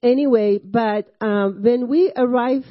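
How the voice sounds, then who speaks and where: A woman's voice: on the high side, unhurried, dry recording, dull audio. A woman in her sixties with a Persian accent, speaking as a guest at a church service and telling her testimony in a chatty way, full of fillers and restarts. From Iran. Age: 60s. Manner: conversational with frequent fillers and self-interruptions, laughing asides. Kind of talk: personal testimony sermon.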